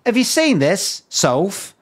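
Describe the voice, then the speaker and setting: A man's voice: sing-song, slow, heavily acted. Man mimicking a chirpy TV shopping host. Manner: salesy patter, high and bright. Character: chirpy male TV shopping presenter, middle-aged.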